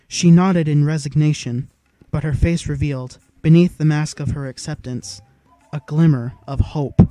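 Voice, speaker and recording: A man narrating an audiobook with steady storytelling. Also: a little high, normal speed, faint music behind. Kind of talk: scripted narration.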